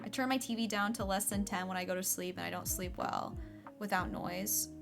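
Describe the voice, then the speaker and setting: A woman's voice: medium pitch, fairly even intonation, brisk, vocal fry, over music. A young adult woman streaming a game, chatting casually and filling her speech with "like". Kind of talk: casual chat while playing a game.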